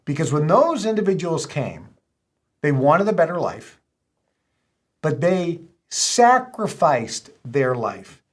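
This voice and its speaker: Casting: man, slightly high-pitched, gives an emphatic lecture. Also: very animated, slow pace. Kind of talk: speech.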